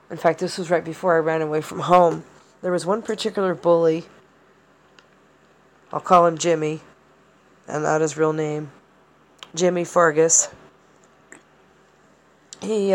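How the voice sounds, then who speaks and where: Woman podcast host, slightly low voice, rambling and hesitant delivery full of fillers. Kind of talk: personal monologue.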